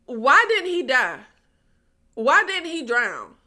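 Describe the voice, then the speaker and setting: Her voice is high, very animated, pushed and bright, and she talks slowly. The woman, a TV recap vlogger, walks through an episode casually and in exasperation, hitting "y'all" with one sarcastic rhetorical question after another.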